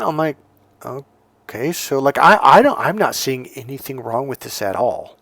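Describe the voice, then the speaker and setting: A man talking casually as a dating coach, telling a story with lively asides and quoted voices. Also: medium pitch, a little slow, vocal fry, pauses often, dry recording. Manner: animated, mimics voices in quoted dialogue, laughs often.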